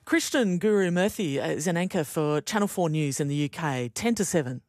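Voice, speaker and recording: A woman hosting a live breakfast radio program in a brisk, conversational way. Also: on the low side, animated, over music.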